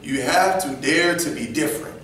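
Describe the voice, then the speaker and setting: A man's voice: on the high side, moderate pace, a bit bright. A man teaching an interactive Bible lesson to a class of kids at church. He quizzes the children and acts out little scenes as he goes. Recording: very echoey room, distant camera, faint background noise.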